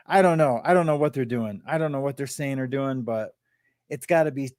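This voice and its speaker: A man's voice: medium pitch, fairly quick, darkish tone, dry recording, studio quality. A man hosting a live-stream podcast, chatting loosely with viewers, rambling and joking as he greets them by name. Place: at home.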